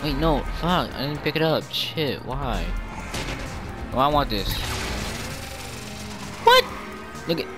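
Young male gamer, swears freely, slow unhurried delivery, taunts and yells in bursts, game music loud behind him. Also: mid-range voice, lively intonation. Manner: profane, trash-talking, yells in bursts. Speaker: gaming channel host. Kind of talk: live gameplay commentary.

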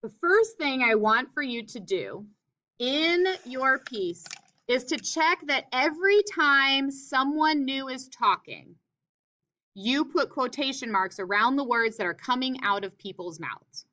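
A woman's voice: high voice, expressive, a little slow, pushed and bright. A woman teacher explaining punctuation in a classroom writing lesson, reading examples aloud with expression.

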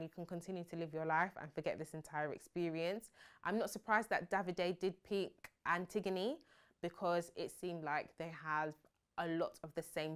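A young woman giving sassy, animated commentary on a reality show and mocking people's lines in put-on voices. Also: mid-range voice, clear, resonant tone. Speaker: reality TV reviewer. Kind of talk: casual opinionated commentary.

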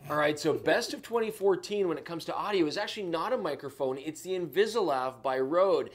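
A man's voice: fairly high pitch, animated, a little fast. A man co-hosting a camera review show, joking around casually while having a few drinks. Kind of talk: casual product review banter.

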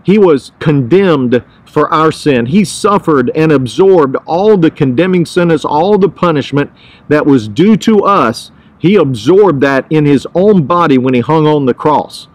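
Earnest pastor, a man with a higher voice. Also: expressive, a little slow, poor audio. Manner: earnest, emphatic, repeats key phrases. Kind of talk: devotional podcast teaching.

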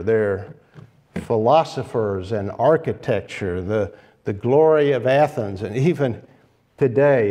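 A man preaching a sermon in a church, explaining scripture in a measured, unhurried way with pauses and occasional restarts. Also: medium pitch, dark tone.

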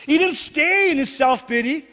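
A man's voice: very high voice, lively intonation, normal speed, pushed and bright. A man preaching a sermon as pastor, earnest and repetitive, often checking in with "right?". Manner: earnest, repeats phrases, asks "right?" often. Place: church sanctuary. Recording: long hall reverb.

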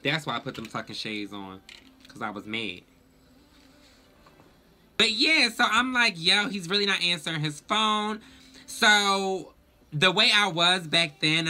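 A young man telling a storytime vlog in a sassy, profane, animated way. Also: fairly high pitch. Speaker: vlogger.

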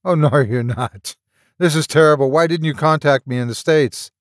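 A man voicing a furious grown son who shouts and demands answers in an audiobook horror story. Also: fairly high pitch, moderate pace, no echo, studio quality, close to an everyday voice. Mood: demanding. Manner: loud, commanding shouts.

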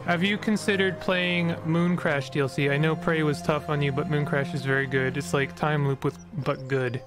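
A man's voice: on the high side, fairly even intonation, normal speed. A man giving casual, joking let's-play commentary, reacting aloud as he plays. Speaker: gaming streamer. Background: game music.

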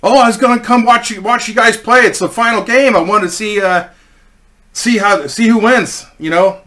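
A man voicing an eager, overjoyed young male hockey goalie who gushes with excitement. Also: high voice, quick pace. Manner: excited, gushing.

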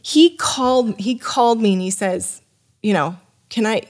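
A woman's voice: on the high side, animated, measured pace. A young adult woman, a sommelier guest on a podcast, chattily telling a rambling personal story full of restarts and acted-out dialogue. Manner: acts out quoted dialogue with her voice rising. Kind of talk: casual interview storytelling.

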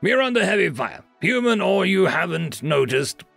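A man voicing an alarmed, clawed alien soldier who shouts in panic. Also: medium pitch, very animated, moderate pace, dry recording, faint music behind.

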